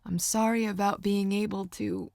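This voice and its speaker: A woman narrator voicing a shy, tearful young woman artist in an audiobook, speaking in a halting, strained way. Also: mid-range voice, fairly even intonation, vocal fry, a little mellow, no echo, clean studio sound, voice pushed up, close to an everyday voice. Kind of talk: audiobook character voice.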